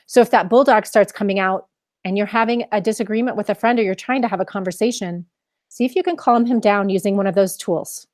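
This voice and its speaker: A woman's voice: mid-range voice, fast talker, a little mellow, no room sound, clean studio sound. A woman leading a live online mindfulness lesson for children, encouraging them and asking many questions. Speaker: mindfulness teacher.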